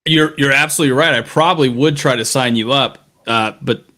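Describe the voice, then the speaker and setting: A man's voice: medium pitch, brisk, sharp tone. A man co-hosting a casual sports podcast on a headset, laid-back and joking, swearing freely. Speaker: podcast co-host.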